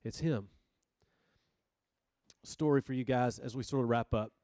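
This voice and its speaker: A man's voice: mid-range voice, a little slow, no echo. Dry-miked man preaching a youth sermon. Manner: storytelling, animated asides.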